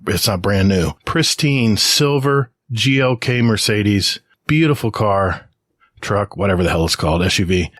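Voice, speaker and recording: On a podcast microphone with clean, roomless studio sound, a mid-range voice belongs to a middle-aged American co-host. Chatting casually, he spins an animated anecdote and performs the quoted voices of its characters.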